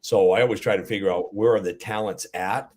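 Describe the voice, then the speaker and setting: A man's voice: fairly low pitch, steady tone, brisk, a little mellow, breathy edge. A man, a coaching guest on a panel, answering casually with hesitant fillers and restarts.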